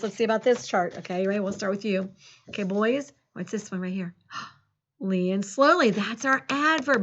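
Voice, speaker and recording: A woman teaching a recorded phonics lesson to young children, encouraging them and sounding out words slowly. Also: on the high side, fairly bright tone, highs cut off. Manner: encouraging, slow and exaggerated word sounding. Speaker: second grade teacher.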